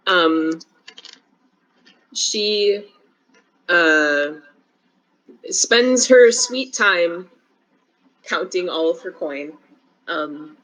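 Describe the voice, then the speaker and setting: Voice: mid-range voice, fairly bright tone, rough recording. A player in an online tabletop game, describing her character's actions with fillers. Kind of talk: casual tabletop play.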